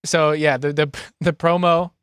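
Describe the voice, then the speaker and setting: A man co-hosting a sports podcast in a studio, calmly reading out the next topics in casual chat. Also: measured pace, clean tone, no room sound. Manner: reads out topics, low-key and matter-of-fact. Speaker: producer and co-host.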